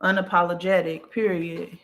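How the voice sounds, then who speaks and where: A woman hosting a spiritual live stream, reading viewer comments aloud in casual chat and affirming them with a steady "okay" and "period". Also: lowish voice, moderate pace. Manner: affirming, repeats "okay" and "period", relaxed and chatty; yawns and sighs now and then.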